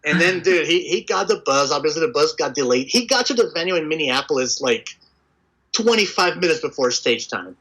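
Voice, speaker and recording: A man with a high, bright voice sits for an interview about his work as a tour manager. He tells his stories in a loose, animated way, filled with "like" and frequent laughter. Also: brisk, husky, rough recording. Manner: animated, laughing storyteller full of "like". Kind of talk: casual storytelling interview.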